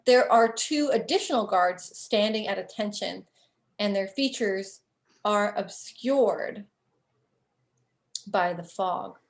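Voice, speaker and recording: A woman game master narrating a tabletop game in a relaxed, rambling way full of fillers. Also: on the high side.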